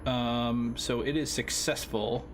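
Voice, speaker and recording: A man running a tabletop game as game master, explaining dice rules in a halting way with many restarts. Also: medium pitch, steady tone. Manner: halting, restarts often while working the tool.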